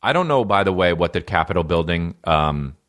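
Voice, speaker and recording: A man's voice: deep voice, lively intonation, fairly quick, fairly bright tone. Laid-back profane comedian in his thirties. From New Jersey. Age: 30s. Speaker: comedian podcast host. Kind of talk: casual comedy monologue.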